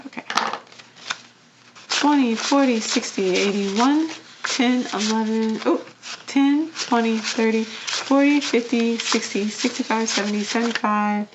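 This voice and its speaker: A young woman vlogger chatting casually as she counts cash into envelopes, often dropping to a soft murmur. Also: on the high side, a little slow, dull audio, background noise. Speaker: vlogger doing budgeting videos.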